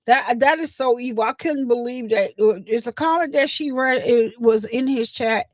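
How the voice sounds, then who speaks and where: A woman, talking straight to her livestream chat. Her voice sits a bit high and the sound is dry and close. She tells the story in a chatty, animated way and acts out the other people's lines as she goes. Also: normal speed, no echo. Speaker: livestream host. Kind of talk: casual gossip commentary.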